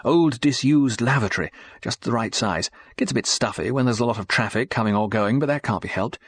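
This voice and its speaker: A man reading an audiobook, voicing a brisk, chummy middle-aged British station chief with a higher, clipped delivery. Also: husky, no room sound.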